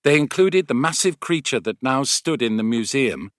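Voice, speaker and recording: A man reading a science-fiction adventure novel aloud as an audiobook narrator, in a measured, expressive storytelling style. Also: mid-range voice, dry recording, studio quality. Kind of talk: scripted narration.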